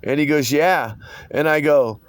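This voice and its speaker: A man's voice: on the high side, unhurried. A man telling a long, rambling court story, cursing and quoting others in his own voice. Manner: rambling, profane, retells quotes in his own voice. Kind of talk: casual phone-style conversation.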